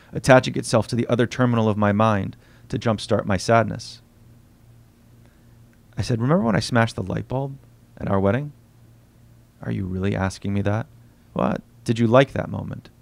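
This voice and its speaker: A man reading aloud from his own novel at a bookstore event, quiet and unhurried, voicing the dialogue softly. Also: on the low side, creaky.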